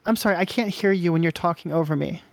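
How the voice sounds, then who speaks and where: A woman's voice: on the low side, fast talker, creaky. A woman co-hosting a podcast, making a prank call in a falsely sweet, mocking way. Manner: falsely polite, then rude. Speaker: prank caller, podcast co-host.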